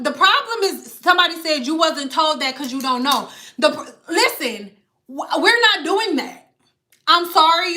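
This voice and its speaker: A woman hosts a casual livestream as a hairstylist. Her voice sits high and sharp. She talks bluntly and emphatically, swearing as she answers her viewers' comments. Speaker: hairstylist and channel host.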